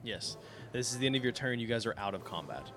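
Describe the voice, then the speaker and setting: Casting: a male game master, mid-pitched, steady and descriptive, with music underneath. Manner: measured, describing finds and calling for rolls. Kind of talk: narrating a tabletop game.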